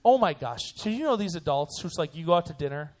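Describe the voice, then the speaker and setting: A young man, a youth pastor, giving a joking, animated sermon to students. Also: on the high side, quick pace. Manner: animated and joking, acts out voices.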